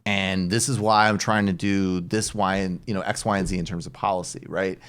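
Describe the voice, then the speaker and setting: A man's voice: low voice, level tone, a little fast, a bit bright, smooth. A man hosting a political talk show, chatting loosely with a guest and using many fillers. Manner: loose, digressive, lots of "like" fillers. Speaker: podcast host. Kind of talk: political commentary chat.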